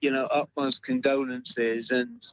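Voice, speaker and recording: Measured man recounting a climb. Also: mid-range voice, level tone, no echo, low-quality recording. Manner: measured, hesitant with fillers. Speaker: mountaineer guest. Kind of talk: remote interview answers.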